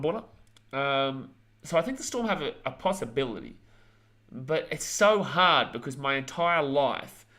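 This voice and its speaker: Blunt man in his twenties, bright voice. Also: mid-range voice. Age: 20s. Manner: blunt, opinionated, rambling with fillers. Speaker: host reading viewer chat. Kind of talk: casual sports chat stream.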